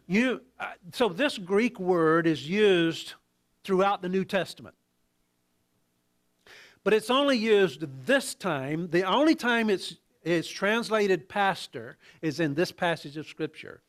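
Male pastor, slightly high voice, talky sermon with restarts and soft asides. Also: expressive. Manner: conversational, halting with restarts, drops to quiet asides.

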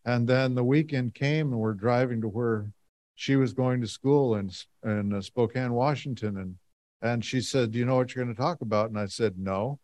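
A man's voice: medium pitch, moderate pace, darkish tone. A middle-aged man telling a long personal story to a church audience in a folksy, rambling way, full of "and, uh" fillers. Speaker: lay speaker giving a talk. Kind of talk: storytelling talk to a congregation.

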